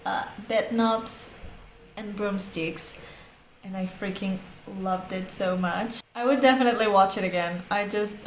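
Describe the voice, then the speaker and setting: A young Venezuelan vlogger with a Venezuelan accent and a mid-range voice chats casually about a show she just finished, her words echoing in the room. She's emphatic and swears, though a sore bitten lip makes her speech a little awkward.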